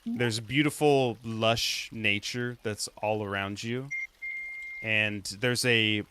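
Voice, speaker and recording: Slow, low-voiced man game master. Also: steady tone, background noise. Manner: slow, descriptive, measured. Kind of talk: narrating a tabletop game.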